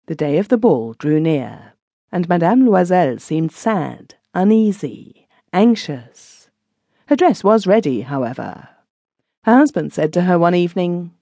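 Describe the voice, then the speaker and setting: A woman narrating a classic short story as an audiobook, in an expressive storytelling manner. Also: fairly low pitch, unhurried, no room sound, studio quality. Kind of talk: scripted narration.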